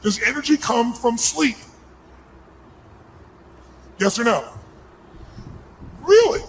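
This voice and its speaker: Man, motivational seminar speaker, very high voice for a man, shouting, commanding, faint background noise. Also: low-quality recording. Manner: loud, commanding, often shouting to rouse the crowd; asks the audience rapid questions. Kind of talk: motivational seminar speech to a live audience.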